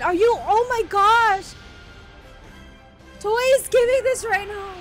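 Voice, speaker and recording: Very high-pitched excitable woman. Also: slow pace, long pauses, faint music behind. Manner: excitable, exclaiming and laughing. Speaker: anime reaction host. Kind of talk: live reaction commentary.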